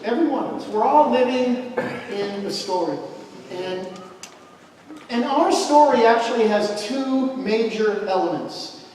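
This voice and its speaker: A man's voice: high voice, darkish tone, slight background noise. A male pastor preaching a sermon as a storyteller who builds to emphatic points, recorded in a church hall. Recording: echoey hall, mic far off.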